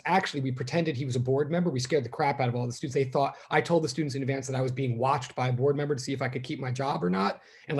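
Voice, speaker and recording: Husky-voiced chatty man in his fifties. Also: fairly high pitch, a little mellow. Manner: rambling, chatty, self-deprecating. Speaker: physics teacher. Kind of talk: casual classroom chat.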